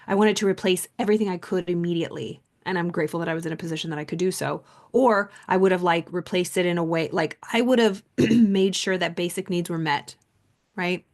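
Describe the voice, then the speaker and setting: A woman with a lowish, slightly mellow voice speaks a little fast as she hosts a podcast. A podcast host and coach, she tells a personal story in a casual storytelling monologue, rambling and chatty, heavy on "like," earnest and reflective.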